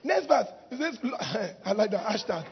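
Husky-voiced woman preaching. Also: medium pitch, a little slow. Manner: animated, laughing often, bursts into shouting. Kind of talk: sermon. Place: church hall. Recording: muffled recording in a reverberant hall.

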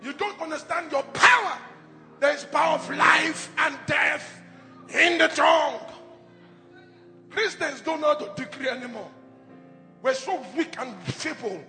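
A man's voice: very high-pitched, unhurried, long pauses. A man preaching a fervent charismatic sermon, leading the crowd in repeated decrees and calls to repeat after him. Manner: repetitive call-and-response decrees, often shouted. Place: large church hall. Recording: echoey church hall with faint music.

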